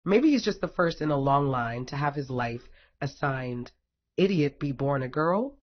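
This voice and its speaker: A man's voice: medium pitch, animated, unhurried. A man reading a fan fiction story aloud in a wry, casual storytelling manner. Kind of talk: audiobook narration. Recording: dull lo-fi recording.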